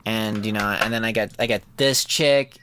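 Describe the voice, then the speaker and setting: A man's voice: fairly low pitch, moderate pace, background noise. A man co-hosting a comics podcast in casual chat, rambling with lots of fillers and laughter. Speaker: podcast co-host.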